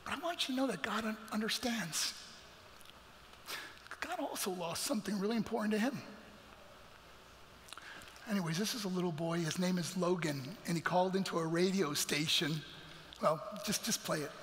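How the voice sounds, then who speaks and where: A man's voice: high voice, moderate pace, pauses often, a bit bright, slight background noise. A man giving an earnest, emotional talk as a guest speaker in a church. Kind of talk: heartfelt motivational talk. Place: church sanctuary. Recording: long hall reverb with faint music.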